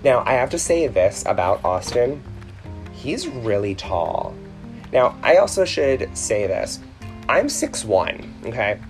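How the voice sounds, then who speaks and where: A man's voice: mid-range voice, very animated, a little slow, soft background music. A man hosting a podcast in a casual, rambling chat, full of ums and self-corrections. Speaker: podcast host.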